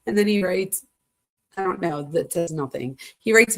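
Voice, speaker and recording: A woman's voice: fairly low pitch, expressive, moderate pace. A middle-aged woman hosting a true crime channel, reading a teen couple's texts aloud and breaking off with exasperated asides to her viewers.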